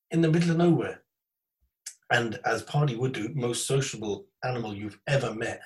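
A man hosting a podcast, spinning a rambling, animated anecdote with plenty of asides. His voice sits a bit back from the microphone, with a mid-pitched, ordinary tone. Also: normal speed, pauses often, far from the mic, poor audio. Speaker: podcast host. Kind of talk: casual storytelling chat.

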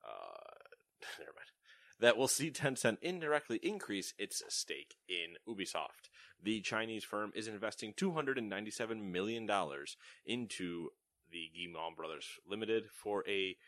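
A man's voice: fairly low pitch, sing-song, normal speed, fairly bright tone, dry recording. A man co-hosting a casual gaming news podcast, joking and laughing often as he reads stories. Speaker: co-host reading gaming news.

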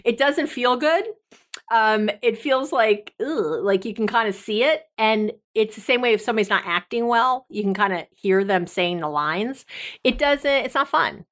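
A woman's voice: on the high side, expressive, normal speed. Chatty effusive woman podcast host. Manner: warm, effusive, chatty with many fillers. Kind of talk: casual podcast monologue.

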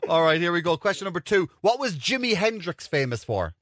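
Male podcast host running a quiz; teasing, swearing, laughs loudly, very animated pitch. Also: a little fast, background noise. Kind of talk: casual podcast chat.

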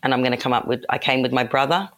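Animated woman telling her story. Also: rumbling low, very fast. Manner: animated, acts out quoted exchanges, laughs. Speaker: guest. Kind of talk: personal storytelling.

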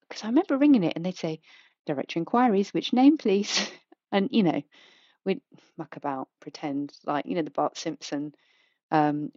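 A woman's voice: fairly low pitch, a little mellow, no echo. A woman, chatting frankly and rambling on her solo podcast. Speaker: podcast host. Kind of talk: casual solo podcast chat. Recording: dry, slightly dull home mic.

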